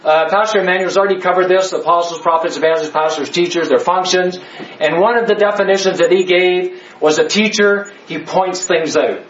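A man's voice: sits high, brisk, a bit bright. A man teaching a Bible study class, emphatic and joking, full of rhetorical questions. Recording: echoey, slightly dull room.

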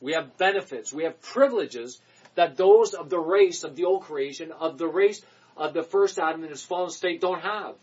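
Male preacher, sermon delivery: emphatic repeated declarations, quick asides, husky tone. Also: on the high side, a little mellow, muffled recording.

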